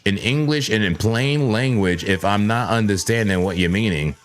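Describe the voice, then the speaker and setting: A man with a low, deep voice hosts a casual live trading stream. He chats playfully with his viewers, repeats words and corrects himself as he goes, and keeps up a loose, conversational flow over his charts. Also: normal speed. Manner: playful, chatty, talks straight to chat viewers. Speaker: livestream crypto trading host.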